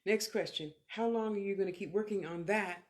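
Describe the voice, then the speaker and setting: A woman's voice: medium pitch, brisk. Candid earthy middle-aged woman. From California. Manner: candid, earthy, swears freely, talks in short reflective bursts. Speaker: clairvoyant medium answering viewers. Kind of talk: live-streamed motivational talk and readings.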